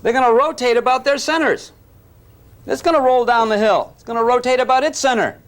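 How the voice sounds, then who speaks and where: A man's voice: very high-pitched, a little fast, clean tone. A man teaching physics to a class, joking and coaxing the students while he demonstrates. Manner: jokey, coaxing, calls students gang.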